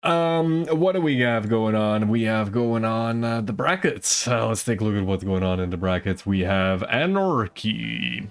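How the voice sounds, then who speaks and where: A man's voice: lowish voice, expressive, measured pace, gravelly, few pauses. A man doing casual live esports commentary, chatty and rambling, teasing the chat between plays.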